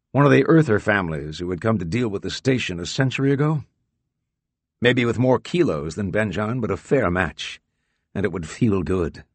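A man reading fiction aloud as an audiobook narrator, with expressive, dramatic delivery. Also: fairly low pitch, breathy edge, no room sound. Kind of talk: scripted narration.

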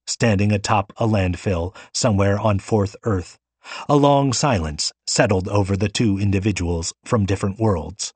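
A man narrates an audiobook in a steady, measured reading. His voice is low and husky, recorded close in a dry room. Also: no echo.

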